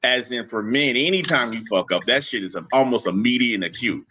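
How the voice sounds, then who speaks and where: A man's voice: mid-range voice, lively intonation, a little fast, sharp tone. A man co-hosting a podcast, stammering at first, then laying out his point in casual chat. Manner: stammers, then explains in plain terms.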